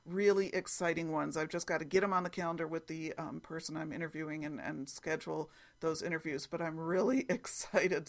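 Chatty woman podcast host, rambling. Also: deep voice. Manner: chatty, rambling, self-correcting. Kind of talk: casual chat.

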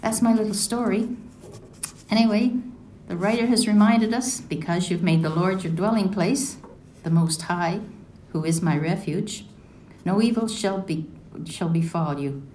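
A woman's voice: mid-range voice, measured pace, darkish tone, a little hiss or hum. Reflective woman in an echoey room. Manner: reflective, asks many questions. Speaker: devotional speaker. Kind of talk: personal devotional talk. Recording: echoey room, mic at a distance.

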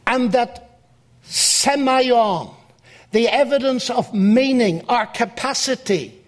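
A man giving a public lecture, telling an anecdote in a lively storytelling way. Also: very high-pitched, slow.

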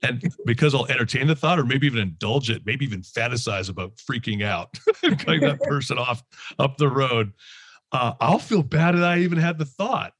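A man from Canada giving a candid, reflective talk, animated and quick to laugh as he acts out his inner voice. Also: mid-range voice, slightly rough, dry recording. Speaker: guest speaker.

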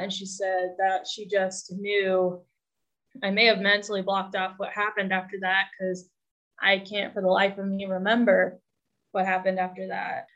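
A woman's voice: medium pitch, little pitch movement, normal speed, fairly bright tone. A young woman tells her story in a candid, rambling way, laughing at herself now and then. Her voice sits in a middle register. The sound is somewhat dull and lo-fi. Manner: candid, rambling, self-deprecating humor. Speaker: guest. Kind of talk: personal storytelling.

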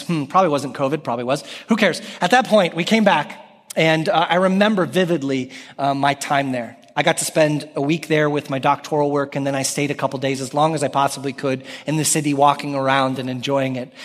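A pastor in his thirties preaches with animated energy, calling out lines of scripture. His voice sits fairly high for a man. It rings through a church hall with long reverb. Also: a little fast. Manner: animated, calls out scripture loudly. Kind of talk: sermon. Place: church sanctuary.

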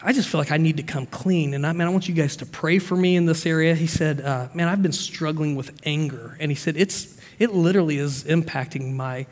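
A man preaching a sermon as pastor, telling stories softly, then pressing his points with emphasis. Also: fairly high pitch, fairly quick, few pauses, in a large hall. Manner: preaching with stories, swings from soft storytelling to emphatic.

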